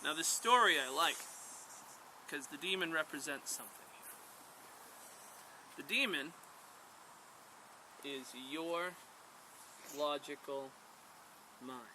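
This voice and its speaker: A man, a bushcraft instructor, telling an animated story to a camp group outdoors. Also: a little high, slow, long pauses, a little hiss or hum. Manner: animated storyteller, draws lessons from tales. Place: outdoors at a woodland skills camp.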